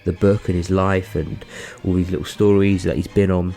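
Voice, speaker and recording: Male podcast co-host, low gravelly mellow voice, rambling story delivery, faint music behind. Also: little pitch movement, moderate pace. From England. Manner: rambling, filler-heavy storytelling. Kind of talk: casual chat.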